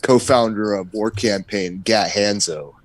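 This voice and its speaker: Male co-host, calm casual chat, low pitch, dry recording. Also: measured pace, no echo. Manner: calm, laid-back, chuckling. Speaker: livestream co-host.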